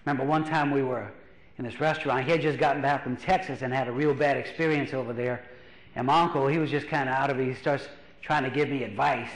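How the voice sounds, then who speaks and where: A man from Louisiana, a pastor doing stand-up comedy as an animated storyteller who acts out voices. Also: mid-range voice, fast talker. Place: church hall. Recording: echoey hall.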